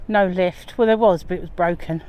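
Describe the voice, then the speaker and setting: A woman's voice: lowish voice, fairly quick, darkish tone, smooth. A woman chatting casually as she vlogs a walk over a windy river bridge, a bit out of breath, filmed on a handheld phone. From England. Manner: chatty and rambling, many fillers. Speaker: vlogger. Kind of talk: casual walking vlog. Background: wind and passing aircraft.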